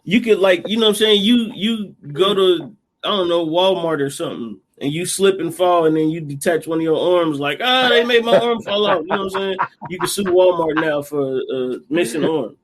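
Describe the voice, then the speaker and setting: A man co-hosting a casual movie podcast, talking in animated slang with mock outrage. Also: fairly high pitch, normal speed, slight background noise. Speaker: podcast co-host. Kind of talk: casual chat.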